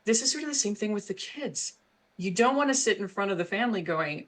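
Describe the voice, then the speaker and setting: A woman's voice: mid-range voice, animated, fast talker. A middle-aged woman, a guest with an HR background, explaining parenting ideas earnestly and laughing between points. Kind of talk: explanatory interview talk.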